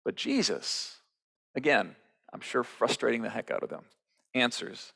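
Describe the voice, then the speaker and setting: A male pastor giving a sermon in a relaxed, conversational storytelling way. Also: mid-range voice, measured pace, creaky, slightly rough. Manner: conversational storytelling, acting out quotes.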